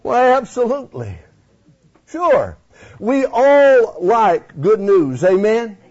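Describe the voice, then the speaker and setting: A man preaching a folksy, animated sermon in church, questioning his congregation. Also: sits high, slow pace. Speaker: pastor. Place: church sanctuary. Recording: dull lo-fi sound.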